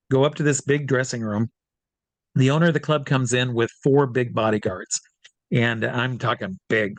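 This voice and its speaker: A man, a drag performer and hypnotist, telling a lively anecdote as an interview guest, acting out the quoted voices and swearing freely. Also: mid-range voice, no echo. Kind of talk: casual storytelling in an interview.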